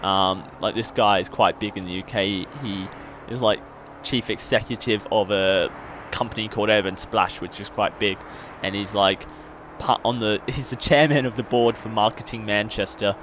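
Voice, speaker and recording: A young Australian man, a gaming YouTuber, talks in a lowish, steady voice at a moderate pace with a slightly bright edge and a little hiss or hum. Years in the UK have partly worn down his accent. His gameplay commentary is casual, hyper and self-mocking, rambling along with frequent laughter.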